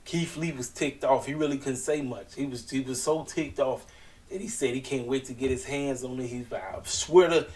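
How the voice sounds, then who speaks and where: A man's voice: mid-range voice, fairly even intonation, normal speed, a little mellow, far from the mic. A man giving a casual, slangy wrestling show recap, chatty and acting out what people said. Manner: chatty, slangy, retells scenes in quoted voices.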